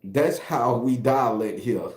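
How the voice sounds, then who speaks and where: A man's voice: medium pitch, slow pace, darkish tone, roomy sound. A man from Florida, hosting a casual livestream chat with loose, profane slang and jokes. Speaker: host and spooky storyteller.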